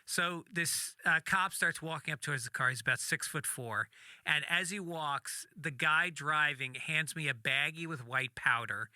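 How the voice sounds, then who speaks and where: Bright animated male comedian storyteller. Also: a little high, normal speed, no room sound. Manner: animated storyteller, acts out voices, swears. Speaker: podcast guest, comedian. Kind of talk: casual storytelling.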